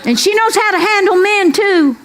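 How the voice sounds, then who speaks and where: In a live comedy club set with crowd noise and laughter behind her, a middle-aged comedian goes folksy and sassy, hailing the audience as "girls" and seeking amens. Her voice is extremely high and a bit bright, expressive, and paced moderately.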